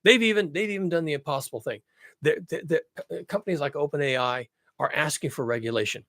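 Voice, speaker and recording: A man's voice: a little high, quick pace, fairly bright tone, dry recording, clean studio sound. A man delivering a blunt, profane ranting monologue, hammering his points with repetition. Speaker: vlogger.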